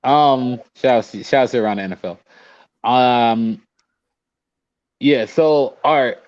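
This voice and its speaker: A man's voice: medium pitch, unhurried, a little mellow, clear, resonant tone. A man co-hosting a podcast, chatting casually about football and thinking aloud with lots of fillers. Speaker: podcast co-host. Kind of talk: casual sports chat. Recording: dull lo-fi audio.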